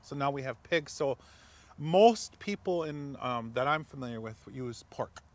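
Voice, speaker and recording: A man as a guest cook, calmly explaining a traditional soup recipe step by step with frequent pauses. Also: medium pitch. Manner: unhurried, with many ums and pauses.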